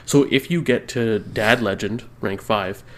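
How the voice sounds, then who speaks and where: A man co-hosting a podcast, relaxed and explaining things in detail in casual chat. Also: fairly low pitch, unhurried. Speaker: podcast co-host.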